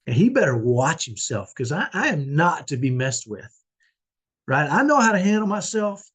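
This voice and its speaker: A parent vlogger with a fairly high, very animated voice talks at a normal speed, sounding a bit bright with a breathy edge. He tells a personal story about life as a dad in a conversational way, often ending his sentences with "right?".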